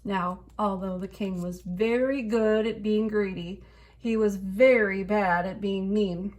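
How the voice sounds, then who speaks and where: A woman reading a children's picture book aloud in an expressive storytelling way. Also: medium pitch, slow. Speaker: storybook reader.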